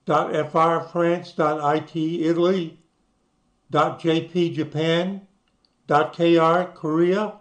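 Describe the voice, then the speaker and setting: A man's voice: fairly high pitch, little pitch movement, slow. An older man from the United States who talks you through websites in a casual screen-share, spelling things out letter by letter. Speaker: channel host.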